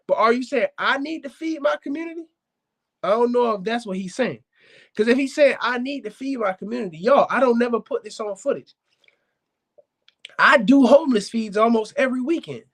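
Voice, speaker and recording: A man hosting a casual live-stream chat about his dogs, animated and preachy, often calling out to viewers. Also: high voice. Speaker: dog kennel owner hosting a live talk show.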